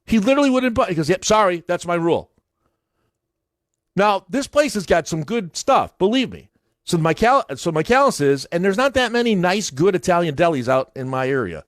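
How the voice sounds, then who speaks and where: Man, radio host, rambling storyteller, lively up-and-down voice, dry studio sound. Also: high voice, a little fast, dry recording. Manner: rambling storyteller with lots of restarts. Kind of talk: casual studio banter. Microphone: studio mic.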